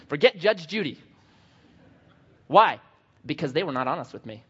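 Speaking slowly and pausing often, a male pastor with a husky, fairly high voice gives an animated, conversational sermon in a church sanctuary. He acts out quotes and makes jokes at his own expense, heard through dull lo-fi audio with a long hall reverb.

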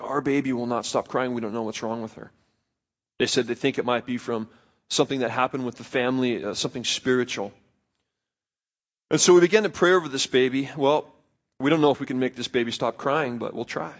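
A young man preaching a sermon, telling stories from his family life in a conversational way with a bit of self-deprecating humor. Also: medium pitch. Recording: slightly dull lo-fi recording.

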